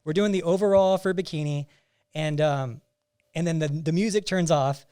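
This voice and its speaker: A man, a coach and podcast host, telling a rambling, animated story with lots of "like" fillers. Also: fairly high pitch, moderate pace, smooth. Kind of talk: casual storytelling chat.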